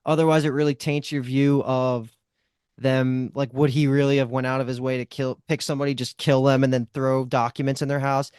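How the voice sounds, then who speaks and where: A man's voice: mid-range voice, little pitch movement, fairly quick, darkish tone, smooth, dry recording, studio quality. A man co-hosting a casual TV review podcast, talking in a rambling way with lots of fillers and restarts. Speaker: podcast co-host.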